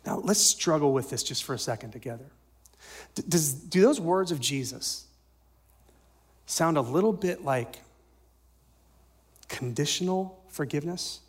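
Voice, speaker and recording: Man, pastor, sermon, slightly high voice, loud and quiet swings, rhetorical questions. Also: animated, unhurried. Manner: dynamic preaching, swings from loud emphasis to soft near-whispers; asks the congregation rhetorical questions.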